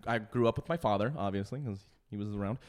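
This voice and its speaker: A man in his thirties co-hosting a podcast, talking in a casual, animated and profane way. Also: lowish voice, fast. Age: 30s. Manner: animated, profane, jumps into mock voices. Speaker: podcast co-host. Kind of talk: casual chat.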